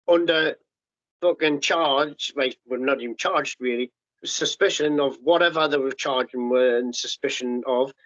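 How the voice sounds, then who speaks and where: A man's voice: fairly high pitch, fairly bright tone. Blunt, sweary man. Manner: blunt and sweary, rapid restarts, acts out quoted voices. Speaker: podcast guest, former paratrooper. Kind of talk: candid storytelling interview. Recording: muffled lo-fi podcast audio.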